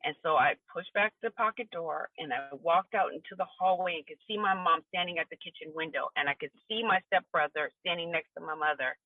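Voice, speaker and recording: A woman on a phone call, heard through a tinny line with no room sound, speaks briskly in a low voice with few pauses. As a podcast guest, she earnestly relates a personal story and voices the remembered dialogue as each person said it.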